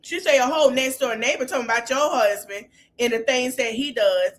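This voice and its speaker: A woman with a high voice and a lilt hosts a casual podcast recap. She retells the arguments with lively exclamations, slipping into the cast members' lines as she goes. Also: fairly quick. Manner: animated retelling, acting out quotes with exclamations. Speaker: podcast host.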